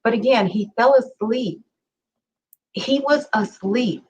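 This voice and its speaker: A woman's voice: fairly high pitch, slow pace, darkish tone, slight background noise. A woman co-hosting a podcast, telling a story in casual conversation with earnest, emphatic repeats. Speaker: podcast co-host. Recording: slightly dull lo-fi sound.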